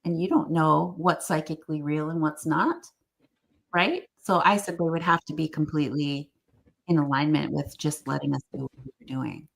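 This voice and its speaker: A woman's voice: low-pitched, moderate pace, vocal fry. A middle-aged woman, a podcast guest, tells a story in conversation and acts out the quoted voices with animation.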